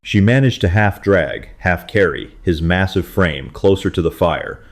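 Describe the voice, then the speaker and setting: A man with a very low, deep voice reads a dramatic story aloud at an even, measured pace. His delivery is steady and scripted, and he holds the tension without rushing. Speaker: narrator.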